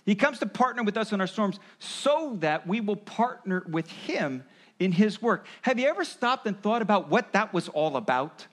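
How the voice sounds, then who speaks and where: A man's voice: sits high, normal speed. A man preaching a sermon, explaining and acting out quoted voices as he goes. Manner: animated, acts out voices of parents and Jesus. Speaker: pastor.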